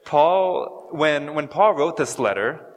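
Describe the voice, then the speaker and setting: Taking his time, this pastor explains scripture in a relaxed, joking sermon full of fillers and restarts. His voice is fairly high with lively intonation, recorded with long hall reverb.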